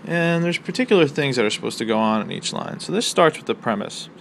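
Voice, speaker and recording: A man with a gravelly, creaky voice walks students through a poetry lesson in a relaxed, explanatory way, often pausing on ums and uhs. He records from a small room with a faint hiss of air conditioning behind him. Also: mid-range voice. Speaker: college English instructor.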